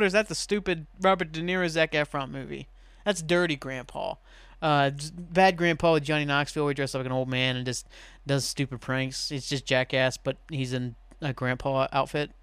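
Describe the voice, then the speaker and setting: Young guy rambling on his podcast, laughs a lot, kinda high voice, dead dry sound. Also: steady tone, normal speed, a bit bright, clean tone, dry recording. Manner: rambling, laughs often, swears. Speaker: podcast host. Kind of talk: casual solo podcast chat.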